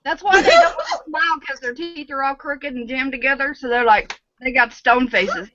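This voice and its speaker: A woman chiming in quickly with teasing comments on a casual group call. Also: sits high, sing-song, pushed and bright, a little hiss or hum. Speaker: chat panelist. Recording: dull online call audio.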